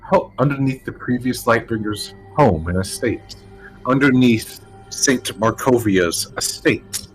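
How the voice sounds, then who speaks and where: A man narrating as dungeon master in a tabletop game, slow and dramatic. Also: medium pitch, soft background music, poor audio.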